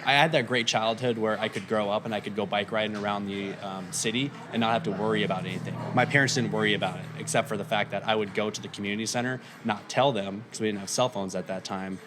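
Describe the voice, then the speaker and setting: Laid-back Minnesota man, low voice. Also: fast talker, few pauses, background noise. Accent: faint Minnesota. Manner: relaxed, rambling, many fillers. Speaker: realtor, podcast guest. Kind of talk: casual interview chat.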